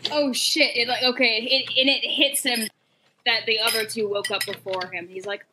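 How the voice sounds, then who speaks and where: A woman player in a tabletop role-play session, excitable and laughing, swearing freely. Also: fairly high pitch, normal speed, noisy background.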